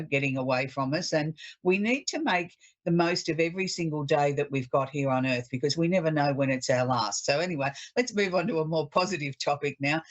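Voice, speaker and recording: Australian woman, psychic radio host, solo chat, reflective and encouraging. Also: sits low. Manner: chatty, reflective, uplifting.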